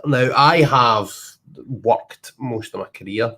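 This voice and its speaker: A Scottish man in his thirties hosts a relaxed podcast conversation over a call. His voice carries a husky edge at an ordinary middle pitch. He talks in a chatty, self-deprecating way and livens up when telling a story. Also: takes it slowly. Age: 30s. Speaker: podcast host. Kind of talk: casual podcast chat.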